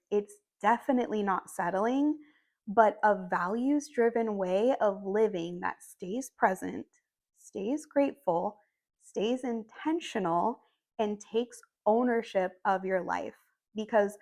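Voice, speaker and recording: A woman hosting her own podcast, talking alone in a reflective monologue, measured and earnest, with short emphatic phrases. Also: mid-range voice. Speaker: podcast host.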